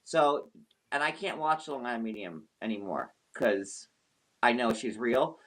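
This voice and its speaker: Guy on a live stream telling a wild story, all animated and swearing for emphasis. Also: mid-range voice, a little slow. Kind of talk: casual storytelling.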